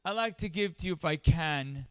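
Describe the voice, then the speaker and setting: A man's voice: fairly high pitch, normal speed, clean tone, no echo. A man giving an impassioned inspirational speech at a charity event, building his points through repeated refrains.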